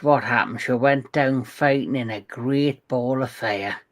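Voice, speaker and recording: A co-host in a casual film discussion, recapping scenes step by step with casual swearing. The voice sits at an ordinary middle pitch. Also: measured pace, heavy background noise.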